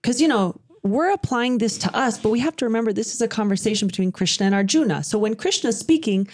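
A woman's voice: a little high, animated, quick pace, darkish tone. Woman co-host explaining scripture. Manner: explains by reading and paraphrasing passages. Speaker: podcast co-host. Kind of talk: casual discussion of scripture.

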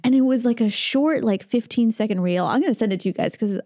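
A woman's voice: a little high, fast, mellow, no room sound, studio quality. A woman co-hosting a casual spiritual chat, telling an emotional story with many fillers. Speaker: podcast co-host.

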